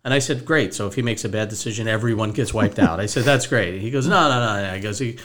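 Man, podcast host, lower voice, lively storyteller, plays both sides of a call. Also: fast talker. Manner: animated, acts out both sides of a phone call. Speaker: podcast host, financial advisor. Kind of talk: casual storytelling to listeners.

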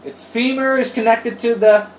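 A man chatting casually on a podcast. He tells rambling stories with lots of swearing and animated outbursts. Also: very high-pitched, moderate pace. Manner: animated, profane, rambling storyteller. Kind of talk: casual chat. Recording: roomy echo, distant mic, faint noise.

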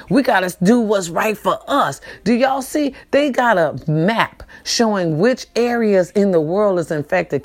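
A middle-aged woman, hosting a casual, profane and preachy talk to her viewers, her pitch swooping up and down. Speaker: vlog host.

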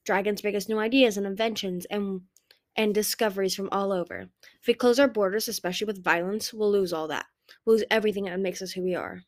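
Woman reader as a worried young female dragon seer in a storybook, urgent, mid-pitched voice. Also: fairly even intonation, fast, dry recording, clean studio sound, natural voice.

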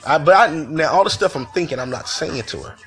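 A man's voice: a little high, animated, fairly quick, fairly bright tone. A man hosting his own show, telling a venting story in a loose, profane, conversational way. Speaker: podcast host.

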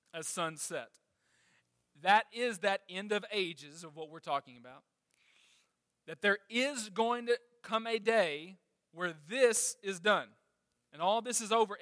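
Guy preaching a sermon, high bright voice, swings up loud on the bible bits. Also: no echo, studio quality, big-room sound. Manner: passionate preaching, rising when reading scripture; asks the congregation questions. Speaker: pastor.

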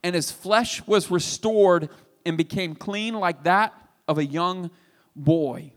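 High-voiced man preaching in a hall. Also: a little slow. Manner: storytelling, animated, builds to loud emphasis. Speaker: pastor. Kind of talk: sermon. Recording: reverberant hall.

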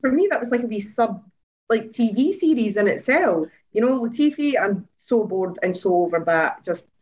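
A woman chatting excitedly on a podcast, gushing and laughing often. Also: on the high side, normal speed, muffled recording. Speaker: podcast co-host. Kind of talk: casual chat about motor racing.

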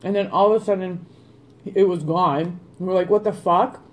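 High-voiced excitable male podcast co-host. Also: normal speed, dull audio. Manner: excitable, swears freely. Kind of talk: casual chat.

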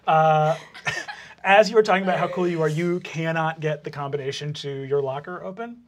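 A man's voice: fairly high pitch, moderate pace, slight background noise. A man narrating a tabletop game as game master, casual and hesitant with many fillers.

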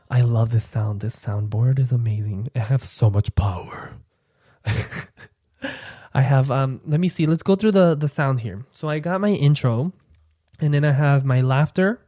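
A young man hosting his own podcast, chatting casually and playfully to listeners with campy asides. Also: normal speed. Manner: drops into a low, quiet "sweetie" aside. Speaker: podcast host. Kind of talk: casual solo podcast chat.

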